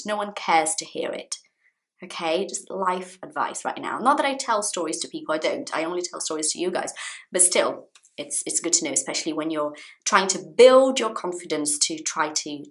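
Brief: bright, animated woman teacher, storytelling to camera, repeats key phrases. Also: lowish voice. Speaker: English teacher.

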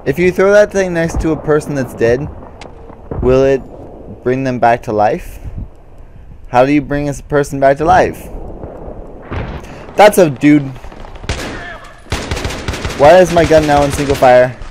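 A man's voice: a little high, unhurried, long pauses, a little mellow, a little hiss or hum. Frustrated guy doing gameplay commentary. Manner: confused, frustrated muttering, says "dude" a lot. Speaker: gamer.

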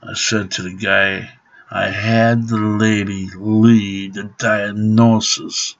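A man's voice: fairly low pitch, little pitch movement, takes it slowly. A middle-aged man ranting and swearing to the camera in an angry home vlog. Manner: profane, ranting, grumbling. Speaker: vlogger. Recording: dull lo-fi home recording.

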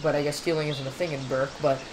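A man's voice: on the high side, little pitch movement, quick pace, noisy background. A young man casually commentating while he plays a game, rambling and joking with lots of filler words. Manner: chatty, rambling and jokey, with frequent fillers. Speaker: gameplay commentator.

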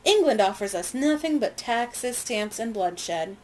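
A woman reading aloud, voicing a defiant male merchant who answers with smooth, scornful evasion. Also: fairly high pitch, animated, measured pace, a little mellow, slight background noise, rough recording.

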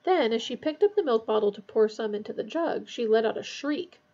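A woman reading a novel aloud in a steady, measured way. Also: fairly high pitch, lo-fi sound. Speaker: audiobook reader.

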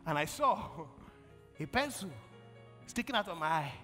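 A man preaching a sermon as pastor, calling on the congregation to answer and swinging from loud bursts to quiet storytelling. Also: sits high, sing-song, moderate pace. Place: large church hall. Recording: long church hall reverb, faint music.

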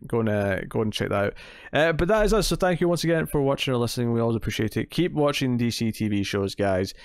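A man's voice: medium pitch, lively intonation, fast talker, clean tone, no echo. Rambling male podcast host, dry mic. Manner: rambling, self-correcting, laughs often. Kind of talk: casual podcast chat.

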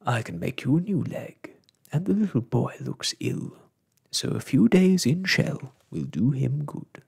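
A man voicing a kind, gentle male fish doctor in a soft-spoken ASMR storybook reading. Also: medium pitch, very animated, unhurried, creaky, slightly rough, dry recording, studio quality, full character voice. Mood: kindly. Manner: gentle, reassuring.

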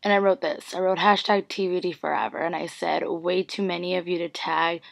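A woman's voice: fairly low pitch, fairly even intonation, fairly quick, creaky. A young woman vlogging to her fans, tearful and rambling, often near crying and filling her speech with "like". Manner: tearful, rambling, full of "like" fillers. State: teary, on the verge of crying. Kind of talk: emotional casual vlog.

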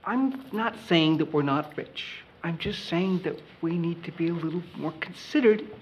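A woman's voice: fairly low pitch, normal speed, a little mellow, slight background noise, close to an everyday voice, rough recording. A student actor playing a meek, apologetic husband who stammers and pleads with his wife. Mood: timid. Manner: timid, stammering.

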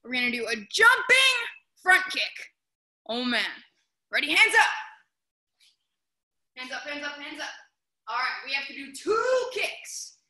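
A woman instructor runs a children's martial arts class, shouting commands and playful cues. Her voice is high, very bright and swings widely in pitch. She speaks slowly, in a roomy echo. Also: sing-song.

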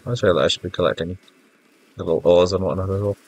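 This man talks fast in a low-pitched, breathy voice with fairly even intonation, and his nose sounds stuffed up. He's a gaming YouTuber doing casual, rambling commentary, flustering easily and mocking himself. Game music hums faintly behind him.

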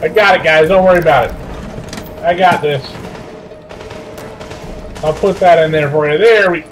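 A man's voice: on the high side, moderate pace, soft background music, poor audio. A man casually commenting as he plays a shooter game with friends, chatty and joking. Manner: chatty, joking, excitable during fights. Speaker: YouTuber playing online.

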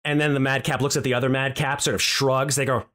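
A man narrating a tabletop game as dungeon master, playful and animated, with music behind. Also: mid-range voice, quick pace. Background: background music.

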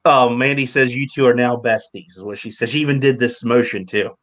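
A man's voice: medium pitch, steady tone, brisk, fairly bright tone, muffled recording. A man hosting a casual livestream chat, reading out viewer comments and laughing easily. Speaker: livestream host.

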